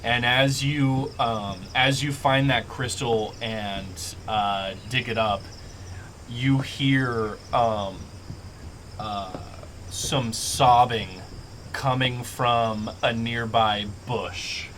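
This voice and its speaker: A man's voice: mid-range voice, fairly even intonation, extremely slow, fairly bright tone, a little hiss or hum. A man narrating as game master of a tabletop game, hesitant, with many fillers. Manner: hesitant, many ums and uhs; laughs often.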